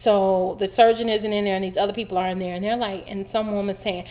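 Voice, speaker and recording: A woman casually recounting her surgery day to the camera, chatty and animated, with lots of fillers. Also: medium pitch, quick pace, hardly any pauses. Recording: dull lo-fi home video audio.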